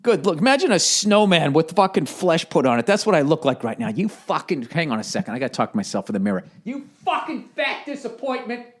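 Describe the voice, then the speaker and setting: Ranting, animated podcast host. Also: male voice, a little high, fast, few pauses. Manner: profane, ranting, jumps into mocking put-on voices. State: has a cough. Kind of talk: solo comedic podcast rant. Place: home office with some echo. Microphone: studio headphones and recorder.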